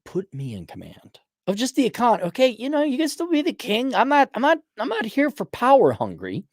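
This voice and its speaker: A man's voice: extremely high pitch, wildly swooping pitch, a little fast, no echo. Blunt, profane man ranting into a dry mic. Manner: blunt, profane, rambling, with many restarts. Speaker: host answering a viewer's letter. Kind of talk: casual ranting commentary.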